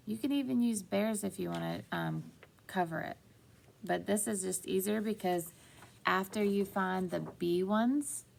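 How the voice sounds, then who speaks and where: A woman teaching young children a phonics lesson, slow and encouraging, stretching out words. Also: fairly low pitch, vocal fry.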